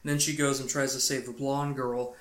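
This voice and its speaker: A man's voice: mid-range voice, level tone, brisk, fairly bright tone. A man co-hosting a podcast, retelling a film plot in a rambling, profane, casual way. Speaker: podcast co-host. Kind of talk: casual movie recap. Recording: roomy echo.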